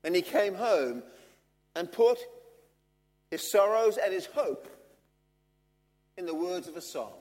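A man preaching a sermon, earnest and measured, driving his points home with repetition. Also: sits high, very animated, a little mellow. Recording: long hall reverb.

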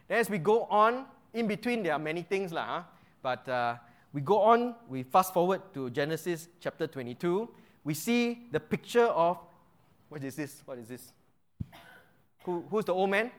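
Leading an interactive Bible lesson, a man with a notably high-pitched and slightly bright voice constantly asks his audience questions, tacking on "right?" to check in. He hammers his points home by repeating key phrases.

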